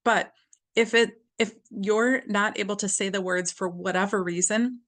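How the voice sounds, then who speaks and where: A woman leading a guided tapping exercise, speaking gently and slowly with repeated phrases for the listener to follow. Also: mid-range voice, steady tone.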